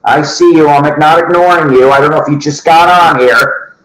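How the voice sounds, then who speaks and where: A man's voice: on the high side, moderate pace, a bit bright. A man hosting his own record-collecting vlog, chatting to viewers in a jokey, rambling way. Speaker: vinyl record vlogger. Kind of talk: casual chat to camera. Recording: echoey room.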